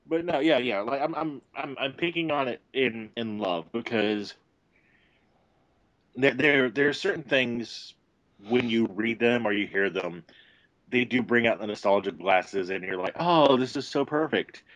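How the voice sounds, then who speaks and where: A man with a deep voice co-hosting a podcast, chatting casually with laughs, restarts and swearing. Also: unhurried, fairly bright tone, no echo, lo-fi sound. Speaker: podcast co-host. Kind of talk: casual chat.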